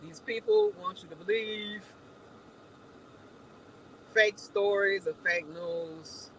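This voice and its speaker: Woman, live-stream host, chatty, talks back to viewer comments, very animated pitch. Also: slow, a little hiss or hum, low-quality recording. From Chicago.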